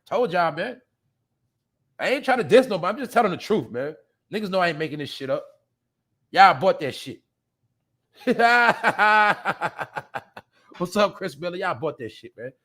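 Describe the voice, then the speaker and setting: Guy w/ aave ranting to his viewers, cussing, loud then mumbling low. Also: expressive, fairly quick, breathy edge. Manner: blunt ranting, addresses viewers directly; swings between loud outbursts and low mutters. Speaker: podcast host. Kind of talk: casual profane commentary.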